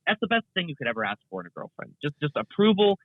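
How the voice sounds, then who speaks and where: Fast and sing-song, with a fairly high pitch, a young male content creator chats casually as an interview guest. His talk rambles, packed with fillers and restarts. It's a dry recording on a tinny, phone-like remote call.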